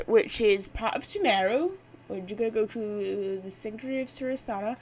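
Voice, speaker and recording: A woman's voice: fairly high pitch, lively intonation, moderate pace, a bit bright. A woman chatting casually as she sets up and opens a live game stream, thinking aloud as she goes.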